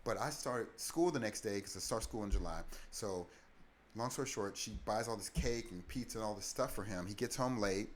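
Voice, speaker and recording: A man telling his life story as an interview guest, animated and candid, acting out the people in it and restarting in quick bursts. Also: lowish voice, slight background noise. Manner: animated, acts out the people in his story with big swings in loudness; talks in quick bursts with many short restarts.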